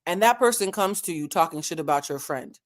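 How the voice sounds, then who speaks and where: In an impassioned direct-to-camera rant, a commentary channel host lectures her viewers and peppers them with pointed rhetorical questions. Her fairly low voice is animated and brisk.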